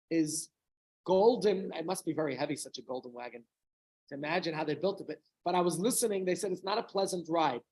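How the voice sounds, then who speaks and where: In a low-quality recording, a middle-aged rabbi with a high voice gives a casual talk to a small group. He tells a story, adding chatty asides and questions for his listeners.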